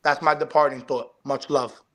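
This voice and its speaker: A man's voice: mid-range voice, steady tone, normal speed, a crowd in the background. A man, a professional wrestler, talking as the guest on a live online interview show, with emphatic hype-style delivery. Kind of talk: podcast interview.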